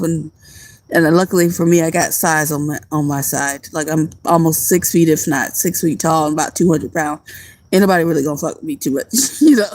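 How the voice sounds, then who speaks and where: A woman's voice: low voice, fairly quick, slight background noise, rough recording. A woman, chatting casually with viewers on a live stream, laughing often. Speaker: streamer answering chat. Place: outdoors at night.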